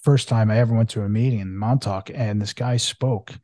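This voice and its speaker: Man, podcast host, low voice, dry close sound, eager storytelling. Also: steady tone, fairly quick, mellow, no room sound. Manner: eager, emphatic recounting of a personal story. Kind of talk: casual conversational storytelling.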